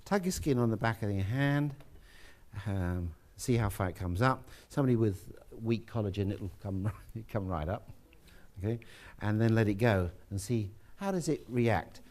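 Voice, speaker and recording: A man giving a relaxed, chatty classroom lecture, with asides to students. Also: fairly low pitch, moderate pace.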